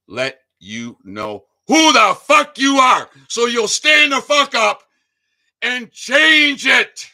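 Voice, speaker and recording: High-pitched, gravelly ranting man. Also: big pitch swings, takes it slowly. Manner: fervent, swears a lot, often shouting; rhetorical, hammering questions. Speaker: channel host. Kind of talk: impassioned livestream rant.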